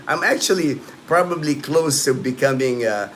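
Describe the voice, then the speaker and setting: A man's voice: mid-range voice, animated, moderate pace, a little hiss or hum. A man in his late fifties hosting a casual livestream, rambling loosely and answering viewers' comments. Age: late 50s. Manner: rambling, loose talk full of "you know" and "man". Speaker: livestream host. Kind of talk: casual live-stream chat with viewers. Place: at home in the Philippines.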